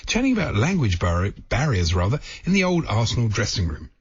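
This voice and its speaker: A man's voice: fairly low pitch, very animated, a little fast, slightly rough, no room sound. A man co-hosting a sports radio show, introducing clips and laughing along in casual banter. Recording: dull dry lo-fi radio audio.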